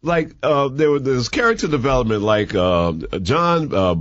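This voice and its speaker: A man chatting casually as a movie reviewer, rambling and animated, with many restarts and fillers. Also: mid-range voice, normal speed, no echo, highs cut off. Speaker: movie reviewer on a talk show. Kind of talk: casual chat.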